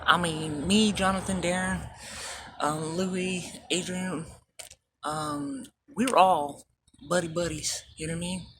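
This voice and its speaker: A woman's voice: fairly low pitch, unhurried, gravelly. Woman vlogger, casual storyteller, swears freely, laughs through anecdotes, faint background hum. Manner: profane, laughing, rambling anecdotes.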